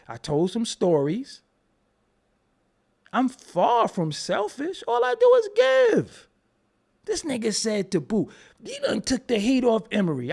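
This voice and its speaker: Guy ranting at his chat on stream, high gravelly voice, cussing and laughing a lot. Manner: animated, profane, mocking, laughs often. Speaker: show host. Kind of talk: live-stream rant answering chat.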